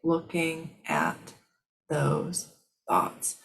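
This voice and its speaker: A woman hosting a live spiritual question-and-answer session, speaking in a soothing, reassuring way that often sinks to a soft whisper. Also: deep voice, very animated, very slow, creaky.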